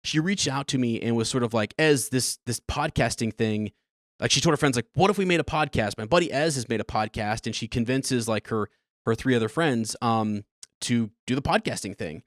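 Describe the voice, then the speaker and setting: A man's voice: mid-range voice, moderate pace, no room sound, studio quality. A man in his thirties hosting a podcast, telling his personal story in a rambling, earnest and emotional way. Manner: rambling, earnest, emotional, with many restarts and laughs. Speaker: podcast host.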